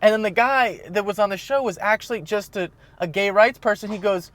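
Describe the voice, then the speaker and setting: With a high, fairly bright voice and a brisk pace, a male podcast host rambles through a story in casual conversation, laughing frequently. The audio has no echo.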